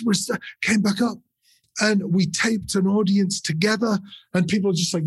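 Husky-voiced older man telling stories. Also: high voice, moderate pace, no room sound. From north of England. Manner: animated, swears a lot, acts out other people's voices. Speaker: guest, drummer. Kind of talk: casual interview storytelling.

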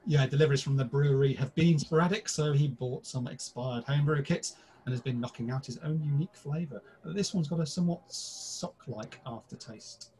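Here a British comedy podcast co-host plays out crude, mock-formal pub banter from a script, with theatrical flair. His medium-pitched voice has a darkish tone and moves fairly quickly.

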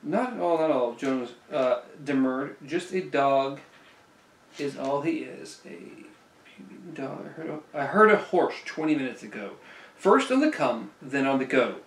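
A man's voice: mid-range voice, lively intonation, unhurried, recorded from a distance. A man reading a novel aloud with hesitant casual asides and stumbles over hard words. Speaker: book club reader. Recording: echoey room.

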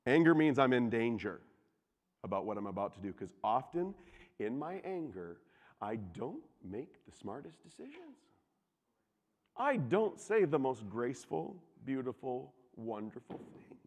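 A man preaching a sermon, animated and jokey, asking the congregation questions. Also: medium pitch, measured pace. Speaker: pastor. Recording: reverberant hall.

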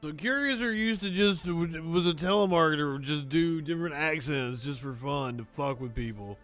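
A man's voice: on the high side, normal speed, fairly bright tone, soft background music. A man co-hosting a casual comedy talk show, bantering, laughing and swearing freely. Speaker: co-host.

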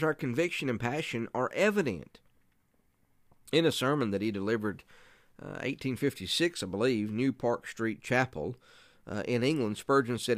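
A man's voice: mid-range voice, lively intonation, normal speed, no echo, studio quality. A man teaching other preachers in an earnest, emphatic way. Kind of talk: preaching instruction.

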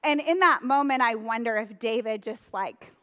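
A woman pastor delivering a sermon in a conversational, storytelling way, with lively retellings of Bible stories. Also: a little high, moderate pace, big-room sound.

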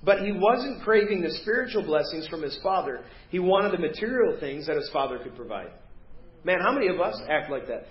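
A man preaching a sermon as pastor, animated and acting out the voices of the people in his story. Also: fairly high pitch, brisk. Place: church sanctuary. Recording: roomy, dull church recording.

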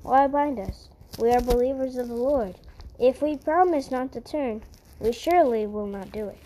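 A woman with a fairly high voice reads, lightly acted, as a calm, gentle middle-aged Christian mother addressing her captors in a story. Her voice is steady yet halting, and the recording is rough.

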